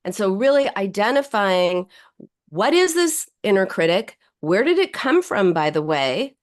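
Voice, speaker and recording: A woman guest on a podcast who talks in a lively way and acts out the voices people use on themselves. Her speech moves quickly from explanation to playful quoted lines, and her pitch stays in a middle range. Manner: animated, acts out quoted self-talk. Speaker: psychoanalyst guest. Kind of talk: podcast interview.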